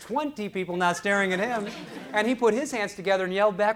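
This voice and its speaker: Brief: middle-aged man, keynote storyteller, higher voice, playful and audience-quizzing. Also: fast, a crowd in the background, background noise. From St. Louis, USA. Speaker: professional speaker.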